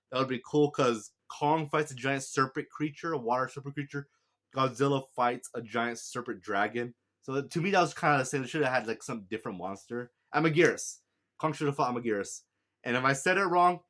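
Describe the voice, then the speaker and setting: A man's voice: medium pitch, a bit bright. A man giving a casual, rambling spoken movie review, often laughing and correcting himself.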